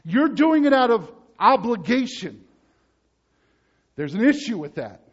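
A male pastor preaching a sermon emphatically, moving between loud urgent passages and low, quiet ones. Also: big pitch swings, measured pace, dull audio.

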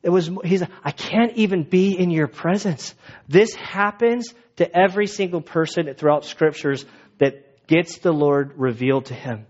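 A male pastor preaches with a voice pitched a little high for a man, and his delivery stays lively as he slips into the voices of the people he quotes. The recording is dull and lo-fi. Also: a little slow. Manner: animated, acts out quoted voices. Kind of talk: sermon.

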